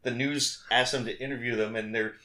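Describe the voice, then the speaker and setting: A man co-hosting a casual podcast chat, animatedly retelling movie scenes and slipping into quick voices for the characters. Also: mid-range voice. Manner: animated retelling with acted-out quotes. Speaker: podcast co-host.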